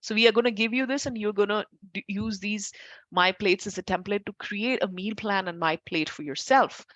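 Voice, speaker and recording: A female Ayurveda instructor with a mid-range voice speaks at a normal speed in a dry recording. She teaches informally, revising what she says partway through and slipping in warm asides for the class.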